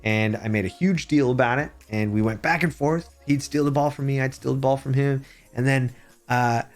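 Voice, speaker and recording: A man streaming live, chatting casually with his viewers and telling rambling, animated stories. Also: medium pitch, moderate pace, soft background music. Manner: rambling, animated storytelling with chat shout-outs.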